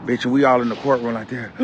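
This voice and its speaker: A man giving a casual, animated commentary, retelling events dramatically and with loud exclamations. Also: mid-range voice, fast talker, highs cut off, a little hiss or hum. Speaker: commentary host.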